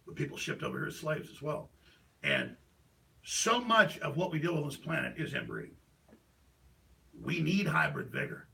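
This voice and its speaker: A middle-aged man hosting a talk show, delivering a heated political rant that swings between loud outbursts and low mutters. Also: wildly swooping pitch, normal speed, creaky, long pauses, slight background noise.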